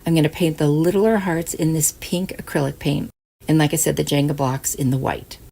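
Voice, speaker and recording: A woman's voice: deep voice, fairly even intonation, moderate pace, creaky, breathy edge. A woman hosting a craft channel, chatting casually through each step of a DIY tutorial voice-over. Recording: soft music behind.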